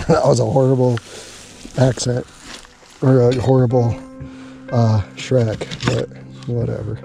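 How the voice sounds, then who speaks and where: A man cooks outdoors at a camp spot for his vlog, chatty and joking, often addressing himself as he goes. He has a gravelly mid-range voice with fairly even intonation, a measured pace and long pauses, with music behind him.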